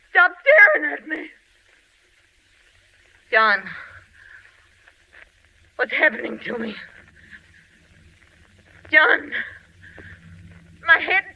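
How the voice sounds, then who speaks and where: An actress playing a vengeful wife who is turning into a cat, in 1940s radio acting style. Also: female voice, gravelly, slight background noise. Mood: panicked. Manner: taunting, later shrill and panicked. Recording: muffled old radio drama recording.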